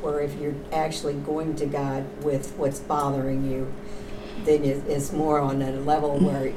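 A woman in a casual Bible study discussion, speaking in a calm, measured way. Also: low-pitched. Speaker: Bible study group member. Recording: roomy, distant, noisy recording.

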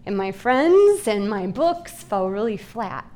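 Her medium-pitched voice is mellow and swings widely in pitch. She's in her forties, addressing a Christian women's gathering with an earnest, confessional Bible teaching delivered slowly and deliberately.

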